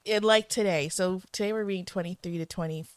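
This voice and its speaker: A woman co-hosting a podcast, chatting excitably with frequent laughter and quick asides. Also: fairly low pitch, no room sound. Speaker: podcast co-host. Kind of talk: casual podcast chat.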